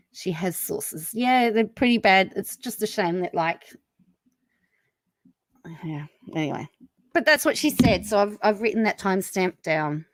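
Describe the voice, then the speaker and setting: A woman's voice: mid-range voice, expressive, takes it slowly, pauses often, no echo. A woman hosting a live commentary stream, chatty and incredulous, reacting to clips and answering viewers. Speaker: commentary channel host.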